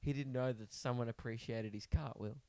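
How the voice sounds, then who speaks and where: A man's voice: medium pitch, fairly even intonation, brisk, gravelly, mellow, no echo. A young man banters on a podcast with a dry, joking wit. His voice sits in a middle range. The recording is close and dry, made in a small hotel room. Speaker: podcast co-host. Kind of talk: casual chat.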